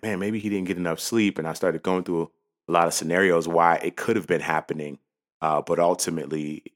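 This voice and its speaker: A man's voice: very deep voice, a bit bright. A man in his thirties hosting a podcast, telling a personal story in an earnest, folksy way with many fillers and restarts. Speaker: podcast host. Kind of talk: casual spoken storytelling.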